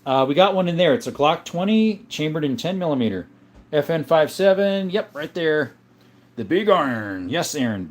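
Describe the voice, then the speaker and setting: A man hosting a live stream in a casual chat style, reading out viewer comments and answering them in a relaxed, easygoing way. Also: fairly high pitch, moderate pace. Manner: relaxed, with frequent uh and um.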